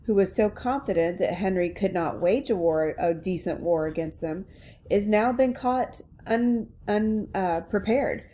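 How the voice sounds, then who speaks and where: A woman's voice: medium pitch, a little slow, warm tone, a little hiss or hum. A woman teacher reading a play aloud to her class and explaining it in a casual, chatty way.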